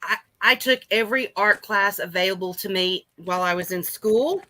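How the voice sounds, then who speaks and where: A woman's voice: mid-range voice, normal speed, sharp tone, poor audio. A woman guest on a livestream who runs a small craft business, speaking earnestly and modestly. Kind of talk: casual livestream chat.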